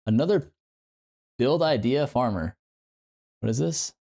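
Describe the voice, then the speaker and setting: A young streamer with a mellow, expressive mid-range voice and some vocal fry speaks unhurriedly to his viewers. The livestream chat is casual, playful and meandering, thick with fillers.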